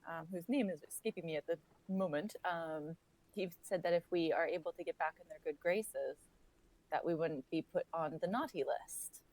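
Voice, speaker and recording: A woman's voice: lowish voice, moderate pace, a little mellow, poor audio. A woman playing a tabletop game, speaking hesitantly with many fillers. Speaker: player. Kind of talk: casual tabletop play.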